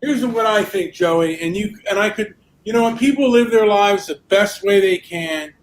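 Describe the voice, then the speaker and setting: A man ranting in casual video chat, rambling with halting repetitions and frequent swearing. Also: sits high, a little hiss or hum. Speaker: host. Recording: echoey room.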